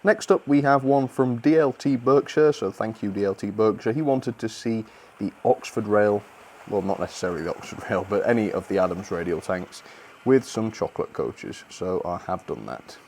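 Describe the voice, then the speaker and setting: Young man, live-stream host, friendly chatty delivery, slightly low pitch, light background hiss. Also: lively intonation, normal speed, darkish tone. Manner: chatty, cheerful, frequent fillers and small laughs. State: a bit out of breath. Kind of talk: live stream chat, thanking viewers.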